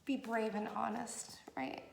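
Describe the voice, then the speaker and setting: A woman's voice: a little high, steady tone, unhurried, gravelly, reverberant, slight background noise. A woman doing a late-night tarot reading, talking in a meandering, emotional way to her viewers. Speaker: tarot reader. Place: room at night.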